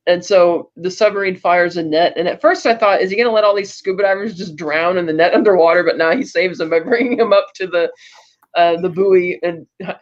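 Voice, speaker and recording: A woman's voice: fairly low pitch, brisk. A woman co-hosting a podcast, recapping a film in a rambling, chatty way with lots of fillers and small laughs. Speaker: podcast co-host. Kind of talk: casual film recap chat. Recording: dull lo-fi podcast audio.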